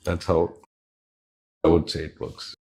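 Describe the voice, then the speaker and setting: A middle-aged man speaks in a fairly low voice. He answers interview questions as a business leader, explaining his points in a measured way and pausing between phrases. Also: completely flat delivery, gravelly, mellow. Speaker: business unit head, interview guest.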